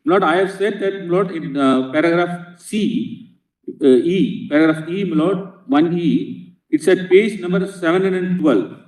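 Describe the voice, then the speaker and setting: A man's voice: sits high, unhurried, a little mellow. A man with an Indian English accent arguing a legal case before a bench in a courtroom, earnestly addressing the judges as "Lord" before nearly every phrase. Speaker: advocate. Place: large courtroom. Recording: echoey courtroom, distant mic.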